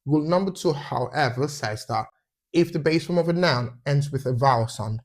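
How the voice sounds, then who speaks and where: A man teaching an English pronunciation lesson, often checking in with "yeah?" and slowing down to stress example words. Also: a little high.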